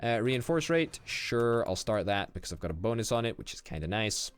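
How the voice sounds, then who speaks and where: A young man casually commenting on a strategy game as he plays, excitable, swearing and thinking out loud. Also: lowish voice, a little fast, clean tone. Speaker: gaming YouTuber.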